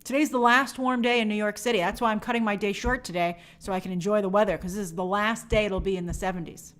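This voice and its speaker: A woman's voice: mid-range voice, fast. A woman hosting a casual livestream, reading viewer comments aloud and answering them chattily. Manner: animated, bubbly sign-offs. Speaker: host.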